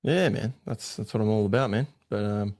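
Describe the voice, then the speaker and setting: A man's voice: fairly low pitch, moderate pace, darkish tone. A man with an Australian accent hosting a casual podcast, laid-back and full of fillers, swearing freely. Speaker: podcast host.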